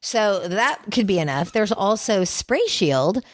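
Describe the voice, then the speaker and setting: A woman's voice: medium pitch, takes it slowly, dry recording. A woman dog trainer chatting as a podcast guest, telling stories with lots of "like" and acting out what people say. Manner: animated storyteller, acts out voices, lots of "like". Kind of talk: casual podcast chat.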